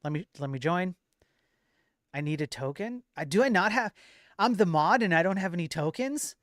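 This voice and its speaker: A man's voice: fairly high pitch, no room sound, clean studio sound. A man hosting his livestream in a loose, rambling way, with lots of fillers and restarts. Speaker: livestream host and moderator. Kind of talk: casual stream chat.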